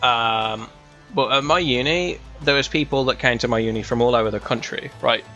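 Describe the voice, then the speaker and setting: A man's voice: medium pitch, normal speed, pushed and bright, dull audio, soft background music. A young man from England with a West Midlands accent, chatting casually while playing a game, rambling with lots of fillers and restarts. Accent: West Midlands English. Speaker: gaming streamer. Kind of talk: casual gameplay chat.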